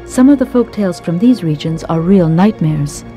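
A woman reading a scripted travel documentary narration in a measured storytelling manner. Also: lowish voice, expressive, warm tone, faint music behind.

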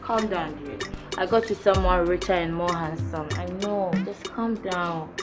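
A woman's voice: on the low side, normal speed, lightly acted. A woman as a soothing Ghanaian friend in a film. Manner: repeats calming phrases. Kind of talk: film acting in Twi and English. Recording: echoey hall with loud music.

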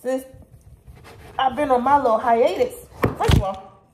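Slow-talking woman in an echoey room. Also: high-pitched, background noise. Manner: chatty, talks to viewers as y'all and baby. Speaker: vlogger. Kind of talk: casual chat to camera.

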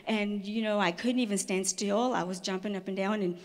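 Woman giving a lively testimony talk. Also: medium pitch. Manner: lively storytelling, quick restarts and laughs. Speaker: conference speaker. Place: stage at a women's conference.

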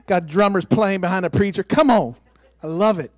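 Excitable high-voiced missionary preacher. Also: male voice, brisk, no echo. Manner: excitable, emphatic, breaking toward tears. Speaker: missionary and former pastor. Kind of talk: emotional church testimony. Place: church sanctuary.

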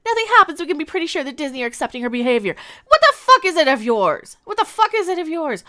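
Brief: exasperated woman, high sharp voice, angry swearing rant. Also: big pitch swings, fast talker. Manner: angry, exasperated ranting with heavy swearing and repetition. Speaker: YouTube commentator. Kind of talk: ranting commentary video.

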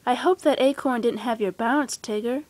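A woman reading aloud and voicing Pooh, a gentle, polite little bear in a storybook. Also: a little high, moderate pace, no echo, close to an everyday voice. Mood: dismayed. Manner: polite, mild.

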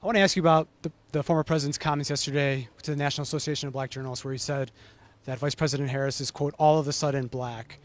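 Brief: male reporter, quick pace, slightly high voice, pointed questions. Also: fairly even intonation. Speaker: news reporter. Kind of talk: news interview questions.

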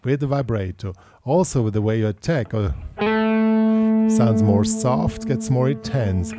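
Male guitar teacher, mid pitch, patient step-by-step explainer, guitar music in the background. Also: unhurried. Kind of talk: instructional guitar lesson. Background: guitar playing and backing track.

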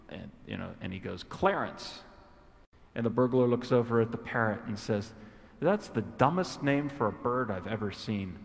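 Priest doing a chatty homily, lots of ums, gets fired up, long church echo. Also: male voice, on the low side. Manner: conversational, many fillers, building to fervent emphasis.

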